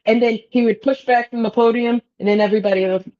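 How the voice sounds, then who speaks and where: A woman's voice: a little high, fairly even intonation, quick pace. Teasing woman co-host on muffled call audio. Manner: teasing, joking, playful asides. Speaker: podcast co-host. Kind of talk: casual chat. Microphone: video call. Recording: dull lo-fi video call audio.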